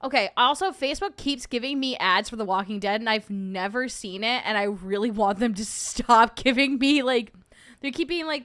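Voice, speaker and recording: A woman's voice: on the high side, fairly quick, fairly bright tone, no echo, clean studio sound. A young adult woman hosting a livestream, chatting casually and joking in rambling asides while reacting to a video. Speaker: host.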